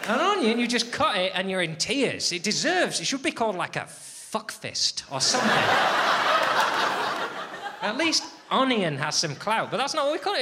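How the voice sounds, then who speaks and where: A male stand-up comedian with a fairly high, very lively voice that swings up and down. He rants in an exasperated, sweary way through his stories. Loud noise sits under the voice. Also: normal speed. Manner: sweary, exasperated, animated storytelling.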